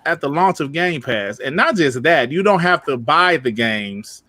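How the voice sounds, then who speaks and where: Man, casual podcast host, slangy and hyped, fairly high voice, dry close sound. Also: animated, a little slow, sharp tone, dry recording. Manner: loose, slangy, hypes the chat. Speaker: podcast host reading chat. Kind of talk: casual live-stream chat.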